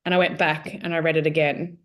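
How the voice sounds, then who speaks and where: Woman, low voice, casual storytelling, animated quoted dialogue. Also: fast. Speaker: guest sharing her testimony.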